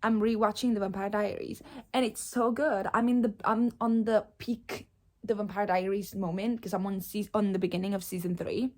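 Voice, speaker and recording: A young woman in her twenties talks through her reading in a casual home vlog. She is bubbly and animated, recorded on a camera mic indoors. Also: mid-range voice, normal speed. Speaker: book vlogger.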